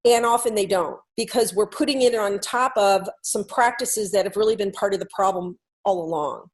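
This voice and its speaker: A woman coach telling a classroom story in a lively, conversational talk, explaining her ideas through questions. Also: mid-range voice, normal speed. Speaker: workplace culture coach.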